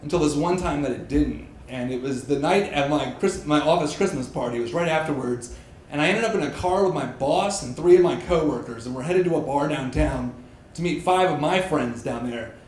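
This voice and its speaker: A man telling a true personal story on stage, animated and self-mocking, laughing through his lines. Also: fairly high pitch, fairly quick. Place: stage in a pub. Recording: echoey live room, faint crowd noise.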